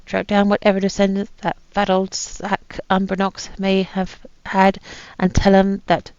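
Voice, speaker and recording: Woman putting on a gravelly old pirate captain. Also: mid-range voice, monotone, darkish tone, no echo, natural voice. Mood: bitter, weary. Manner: slow gravelly pirate accent, grim. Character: old dying male pirate captain, bitter and vengeful. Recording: dull lo-fi sound with faint ambience.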